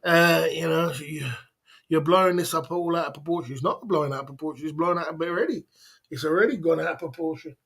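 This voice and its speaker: A man hosts a casual livestream and scolds his chat. He repeats himself and insists that they listen, and his voice sits a little high for a man. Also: fast talker, vocal fry, fairly bright tone, husky. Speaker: livestream host.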